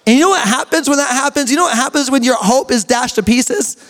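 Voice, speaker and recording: A young male pastor with a very high-pitched voice preaches a sermon in a church hall. His delivery is emphatic and drawn out, with sudden shouts and joking asides. The sound rings with long church-hall reverb. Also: fast.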